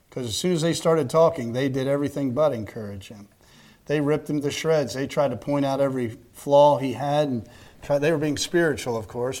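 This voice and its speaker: Conversational pastor preaching a sermon. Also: male voice, mid-range voice, a little mellow. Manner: conversational preaching with rhetorical questions and acted-out quotes; repeats words when starting phrases.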